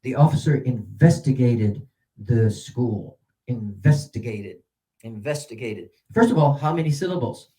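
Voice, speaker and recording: A man giving a workshop on teaching English pronunciation, repeating words slowly and counting syllables aloud. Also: mid-range voice, expressive, mellow. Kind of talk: teacher-training workshop talk. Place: presentation room with a mic.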